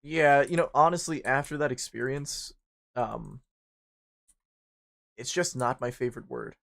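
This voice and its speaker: Gravelly young man rambling through a story. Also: unhurried, fairly bright tone. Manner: rambling, swears casually, jumps to high squeaky bursts when acting out panic. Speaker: streamer. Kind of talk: casual storytelling while gaming.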